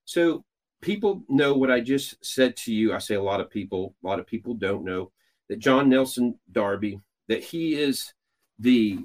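A man hosting a show, talking loosely and explaining at length, with frequent restarts and filler sounds. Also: medium pitch. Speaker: host. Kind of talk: casual teaching talk.

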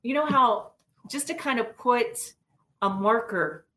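A middle-aged woman telling a personal story in an earnest, animated way as an interview guest. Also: a little high, slow pace. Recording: roomy echo.

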